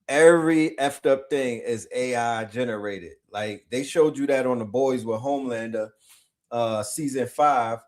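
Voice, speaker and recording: A man with a mid-pitched voice, talking loose and casual on a live show. He jokes around, drops slang and keeps checking in with the audience. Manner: laid-back, joking, slangy. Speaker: podcast co-host. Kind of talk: casual chat.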